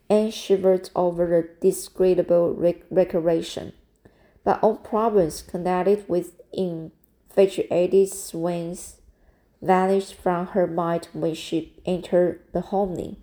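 A woman reading a novel aloud as an amateur audiobook, halting often and restarting words. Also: lowish voice, warm tone. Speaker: audiobook reader.

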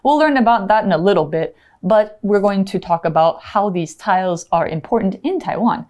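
A woman's voice: mid-range voice, lively intonation, moderate pace, hardly any pauses, a little mellow. A woman co-hosting an English lesson, explaining words with casual everyday examples. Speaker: English teacher co-host.

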